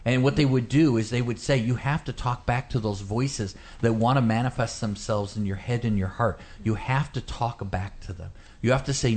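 A man's voice: mid-range voice, normal speed. A man who is a pastor, earnestly preaching on a Bible passage during a radio discussion. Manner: earnest and animated, shifts to a hushed gentle voice when quoting God.

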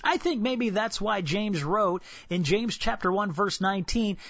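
Preaching at a measured pace, a male pastor tells stories with animation and asks his congregation rhetorical questions. He has a high voice, recorded with no room sound and the highs cut off.

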